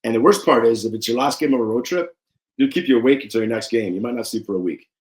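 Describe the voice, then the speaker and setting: A man, a former referee, talking casually as a guest in an interview and telling animated stories. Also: fast. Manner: animated storyteller, acts out quotes with raised pitch.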